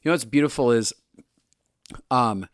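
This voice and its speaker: A man's voice: mid-range voice, moderate pace, no echo, studio quality. A man co-hosting a podcast, speaking thoughtfully in casual chat and often searching for his words. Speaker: podcast co-host.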